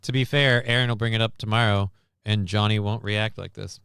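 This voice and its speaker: A man's voice: fairly low pitch, fairly even intonation, brisk, a bit bright, smooth, no echo, studio quality. A man hosting a livestream, reacting to news clips in blunt, sarcastic casual commentary, swearing often. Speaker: livestream host.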